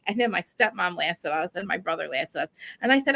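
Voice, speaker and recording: Fast-talking, gravelly-voiced woman chatting. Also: on the high side, rough recording. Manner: rambling, animated storytelling with many fillers. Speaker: podcast co-host. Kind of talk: casual chat.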